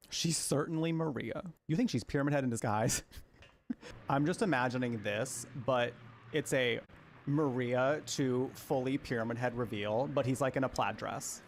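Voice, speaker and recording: A man's voice: mid-range voice, normal speed, creaky. Giggly man doing reaction commentary. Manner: animated, giggly, jokey asides. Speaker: streamer.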